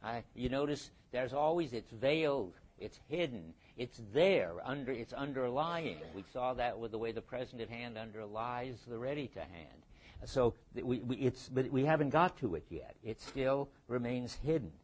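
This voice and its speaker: A man's voice: medium pitch, animated, normal speed, darkish tone. An older man giving a university philosophy lecture, thinking aloud with frequent restarts and fillers.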